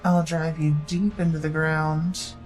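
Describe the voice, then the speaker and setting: A furious, grieving armed man spits low, bitter threats in a game scene, read by a woman in her own mellow voice. Faint game music plays behind. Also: flat delivery, unhurried, rough recording. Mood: vengeful.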